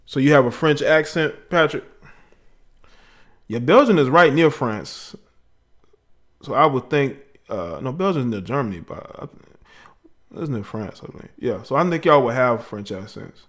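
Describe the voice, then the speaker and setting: A laid-back man hosts a live call-in show, talking loosely and slangily. He chuckles often as he reads out his viewers' comments, in a voice of middling pitch. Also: lively intonation, a little slow, long pauses, fairly bright tone. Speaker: livestream talk show host. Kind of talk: casual livestream chat, reading out viewer comments.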